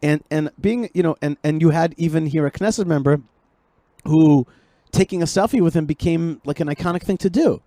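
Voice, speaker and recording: A man hosting a podcast conversation, animated and joking, often repeating his words as he goes. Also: fairly high pitch, fairly quick, no room sound. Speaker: show host.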